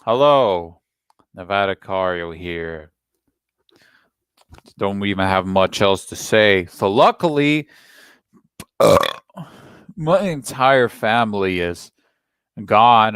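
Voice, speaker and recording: A man's voice: lowish voice, a bit bright, clear, resonant tone, no room sound, studio quality. A young American man ranting angrily at home, swearing often and breaking off mid-sentence to restart. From United States. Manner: heated, profane, halting with restarts. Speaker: channel host. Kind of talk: angry solo rant.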